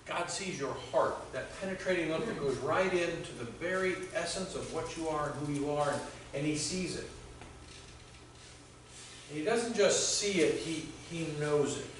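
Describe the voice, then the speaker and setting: A male pastor giving a conversational sermon, telling stories with halting restarts. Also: fairly high pitch, a little hiss or hum. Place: church sanctuary. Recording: very echoey church hall from far off.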